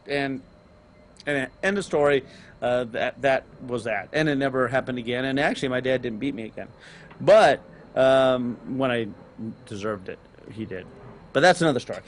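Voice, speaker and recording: A middle-aged man, telling a long personal story on a casual gaming podcast, rambling with restarts and getting loud on key points. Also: mid-range voice, normal speed. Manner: animated, rambling with restarts, rises loud on emphasis. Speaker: podcast co-host and parent.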